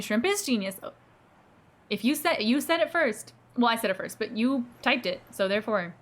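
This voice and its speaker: A woman's voice: on the high side, fairly bright tone. A woman streamer chatting casually with her live chat, bubbly and giggly, greeting viewers by name.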